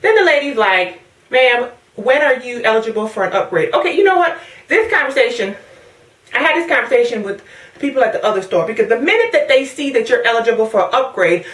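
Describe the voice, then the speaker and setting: A young woman from the Caribbean, pregnant, telling a sassy, animated story in a casual rant to the camera. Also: a little high, a little fast, far from the mic. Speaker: vlogger. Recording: echoey, from off the mic.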